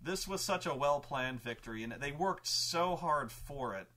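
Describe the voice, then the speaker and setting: Bright-voiced male game master storytelling. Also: fairly high pitch, normal speed. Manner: excitable, profane, frequent restarts. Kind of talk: animated tabletop storytelling.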